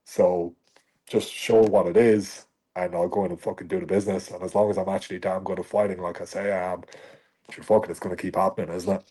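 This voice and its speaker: A man's voice: deep voice, flat delivery, fast, warm tone, breathy edge. An Irish man in his thirties, a fighter guest in a podcast interview, talking bluntly with heavy swearing and emphatic, fired-up delivery.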